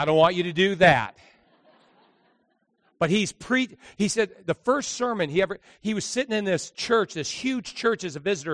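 A male preacher with a high, bright voice, telling a story from the pulpit. He rises from soft, low passages into fervent shouted refrains. The sound is close and dry, with no room echo. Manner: storytelling, building to shouted crescendos. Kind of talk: sermon.

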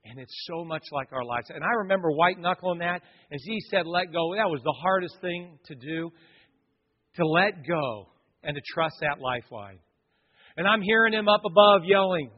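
A man's voice: high voice, normal speed, slightly rough. A man preaching a sermon, telling a personal story and acting out the other people in it. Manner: storytelling, animated, acts out voices of others. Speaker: pastor. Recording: dull lo-fi audio in a long-reverb hall.

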